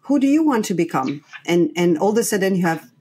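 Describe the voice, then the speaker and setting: A middle-aged woman from France with a French accent, a coach talking as a podcast guest, lively and laughing often. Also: lowish voice, quick pace, breathy edge. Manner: lively, laughs often, acts out imagined quotes. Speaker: guest, play coach and company founder. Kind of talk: conversational podcast interview. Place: New York.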